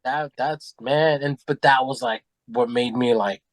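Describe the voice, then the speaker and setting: A man telling animated stories in a casual podcast chat, acting out what people said and swearing freely. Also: medium pitch, a little slow, no echo. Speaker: podcast guest. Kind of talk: casual storytelling.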